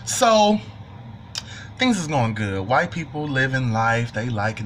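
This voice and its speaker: A young man telling a personal story to camera in an animated, joking, profane way. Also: medium pitch, slow, a little hiss or hum. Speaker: vlogger. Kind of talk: storytime monologue.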